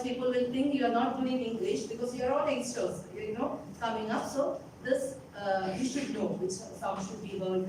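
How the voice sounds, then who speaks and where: A woman's voice: a little high, noisy background. A woman teaching a public speaking lesson to young students, often checking in with her listeners as she explains. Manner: instructive, often checking in with "okay?" and "isn't it?". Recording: very echoey room, voice far from mic.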